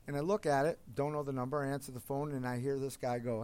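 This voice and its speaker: A man, a podcast guest, telling casual stories and anecdotes in a lively way. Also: medium pitch, fast talker. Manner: lively anecdotes with quoted dialogue. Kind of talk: casual storytelling.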